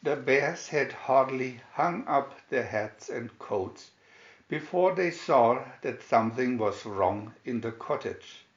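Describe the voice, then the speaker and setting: Slow, lively male storybook reader. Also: mid-range voice, echoey room, lo-fi sound. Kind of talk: slow read-aloud fairy tale narration.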